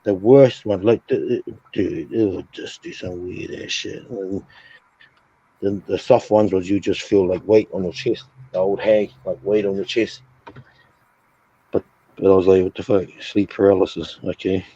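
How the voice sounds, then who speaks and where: A man with a low, mellow, husky voice tells a story in a casual, profane way. He acts out buzzing sounds and his own startled reactions. The stream audio is dull and lo-fi. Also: fairly even intonation, measured pace.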